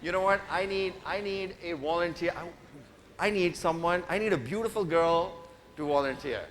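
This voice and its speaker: A man's voice: sits high, normal speed, a bit bright. Playful male keynote speaker in a hall. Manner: playful, teasing, directs the audience. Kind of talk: interactive keynote speech. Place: large conference hall. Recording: reverberant hall, faint noise.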